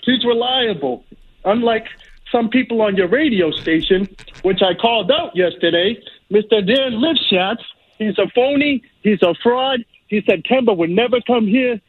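A man calling in to a sports radio show, insistent and combative, with a raspy voice. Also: high-pitched, expressive, moderate pace, dry recording. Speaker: caller. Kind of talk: phone-in call. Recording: tinny phone line.

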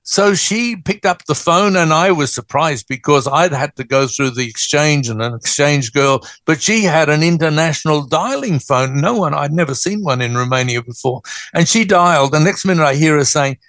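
Older aussie bloke, folksy yarn-spinning, a bit high, dry close sound. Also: male voice, normal speed, few pauses, no echo. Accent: Australian. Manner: folksy, animated storytelling. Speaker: guest. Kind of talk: storytelling interview.

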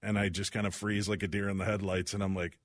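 Man, talk show host, casual studio chat, lively storyteller, dry close mic. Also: on the low side, fast talker, dry recording. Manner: animated storyteller, acts out quoted voices. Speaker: radio host.

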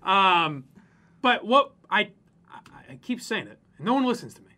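Animated high-voiced ranting man. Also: normal speed. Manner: profane, ranting, mocks people in exaggerated voices. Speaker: podcast co-host. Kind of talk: casual ranting chat.

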